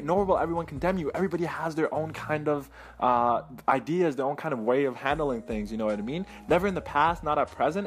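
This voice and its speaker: A man telling motivational stories in an energetic, casual way, often checking in with the listener. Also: mid-range voice. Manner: energetic, keeps checking in with "right?" and "you know what I mean?". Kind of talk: motivational storytelling.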